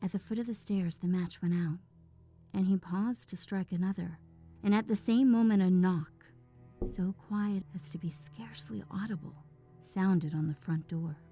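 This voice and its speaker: Hushed woman narrating horror. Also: mid-range voice, moderate pace. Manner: hushed, often dropping to a whisper. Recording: faint background music.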